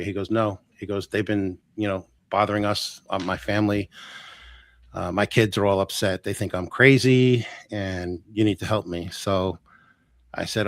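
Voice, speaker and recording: A man in his sixties, an energy healer and guest on a live show, telling stories in a chatty, animated way full of quoted dialogue. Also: low voice, moderate pace, no room sound. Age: 60s. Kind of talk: casual storytelling on a live show.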